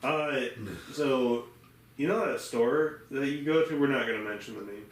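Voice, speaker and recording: A man's voice: medium pitch, moderate pace. Rambling man telling a story, roomy and far. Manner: rambling, many fillers and restarts, acts out quoted people. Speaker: podcast co-host. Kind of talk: casual chat, storytelling. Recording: roomy, from far off the mic, faint hiss.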